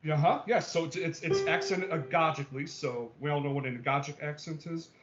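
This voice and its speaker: A man's voice: fairly high pitch, a little fast, fairly bright tone, slight background noise. A male music theory teacher giving an online class lecture, explaining step by step with many okays and ums and checking that students follow. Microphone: video call. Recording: dull lo-fi video-call audio.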